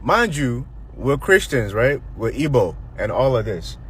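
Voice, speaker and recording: Animated Nigerian-born man telling a story. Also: medium pitch, measured pace, breathy edge. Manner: animated, acts out quoted voices. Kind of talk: casual storytelling.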